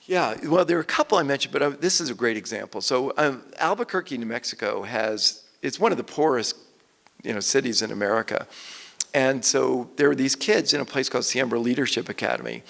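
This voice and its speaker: An older man, an author and guest speaker, telling stories on stage and quoting people in lively voices. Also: mid-range voice, a little fast, gravelly. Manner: animated storyteller, quotes people in lively voices. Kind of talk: conversational stage talk. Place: event hall with audience. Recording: long hall reverb.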